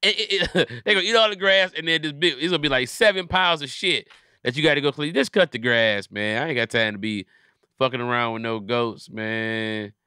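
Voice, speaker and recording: A man's voice: mid-range voice, fairly quick, sharp tone, smooth, dry recording, studio quality. A man hosting a comedy podcast, riffing in casual profane chat and acting out little scenes.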